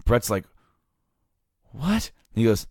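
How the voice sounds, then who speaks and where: A man with a low voice tells a long anecdote on a podcast, acting out each quote as he goes. His talk is loose, with plenty of fillers. The sound is dry and close, with no room around it. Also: normal speed, no room sound. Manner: animated storyteller, acts out quotes with many fillers. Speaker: podcast co-host. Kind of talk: casual storytelling chat.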